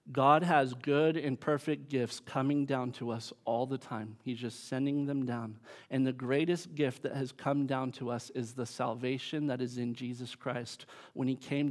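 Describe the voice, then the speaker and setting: A man in the middle of a sermon, preaching with emphatic force. His voice sits at an ordinary middle pitch, and his force swells and drops back as he preaches. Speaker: pastor.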